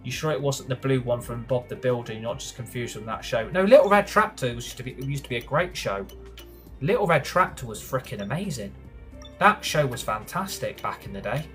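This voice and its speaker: British man, young, live gameplay commentary, swears when annoyed, animated pitch, faint music behind. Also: a little fast. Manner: chatty, grumbling, swears when frustrated. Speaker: gaming streamer.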